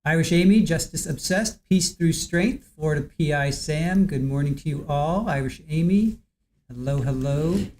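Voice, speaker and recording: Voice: mid-range voice, normal speed, a little mellow, a little hiss or hum. A livestream host in casual chat, greeting viewers one by one by name in an easygoing, chatty way.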